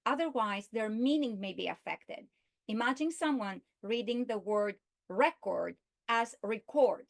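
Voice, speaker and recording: Slow-spoken woman teaching word stress. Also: fairly high pitch, expressive. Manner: slow, deliberate, stresses example words. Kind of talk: recorded literacy lesson.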